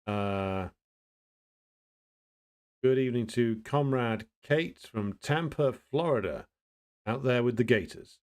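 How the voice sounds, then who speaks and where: A man hosting a casual livestream, greeting viewers and answering their comments in a blunt, opinionated way, pausing often to think and restarting his sentences. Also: mid-range voice, a little mellow. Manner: thinks aloud with frequent pauses and restarts. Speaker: livestream host.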